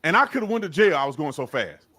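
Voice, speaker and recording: A man's voice: a little high, sing-song, fast talker, sharp tone. A man giving exasperated, slangy reaction commentary on a traffic stop video, telling his own stories and lecturing. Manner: slangy casual speech.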